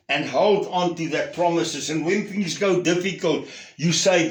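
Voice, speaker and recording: A slow, deliberate male pastor delivers an earnest sermon. He presses his points, then falls to a hushed, intimate tone. His voice rings through a roomy church hall. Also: on the high side. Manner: earnest, emphatic, swings from raised to hushed.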